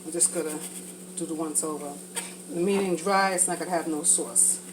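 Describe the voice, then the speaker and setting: A woman's voice: low-pitched, steady tone, normal speed, noisy background. A woman talking casually and frankly while cooking for a vlog, rambling from thought to thought, a little congested from a sinus infection. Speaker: vlogger.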